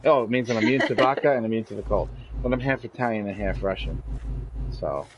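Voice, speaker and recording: A man with a mid-range voice streams a game and chats casually, talking fast and swearing a lot as he tells rambling stories. The audio is lo-fi, with a little hiss or hum.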